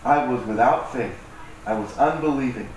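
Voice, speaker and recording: A man's voice: medium pitch, moderate pace, far from the mic. A man preaching a conversational sermon as pastor, joking about himself and acting out voices. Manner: conversational, self-deprecating, acts out voices. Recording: echoey hall, mic from afar, faint noise.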